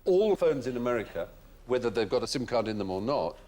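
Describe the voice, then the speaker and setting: A man's voice: medium pitch, big pitch swings, brisk. A man hosting a panel quiz show, articulate and playful, often laughing. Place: studio before a live audience. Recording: studio with loud audience and noise.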